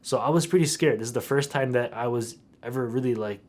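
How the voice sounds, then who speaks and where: A young man retelling a story for his vlog in an animated, slangy way. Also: medium pitch, fast. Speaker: YouTuber.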